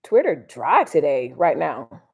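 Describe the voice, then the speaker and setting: A woman's voice: sits low, very animated, measured pace, creaky, a little mellow, husky. A woman hosting a casual live stream, chatting in a slangy, direct way to her viewers. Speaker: livestream host.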